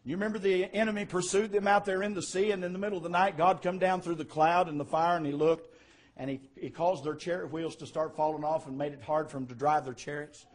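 A man's voice: a little high, fairly even intonation, fast. Emphatic preacher man. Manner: preaching with rising, emphatic swells and quieter asides. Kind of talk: sermon.

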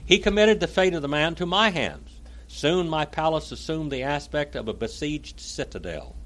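A man's voice: a little high, animated, moderate pace, a bit bright. A man preaching, reading a long text aloud with dramatic emphasis and stopping to explain it, sometimes tripping over hard words.

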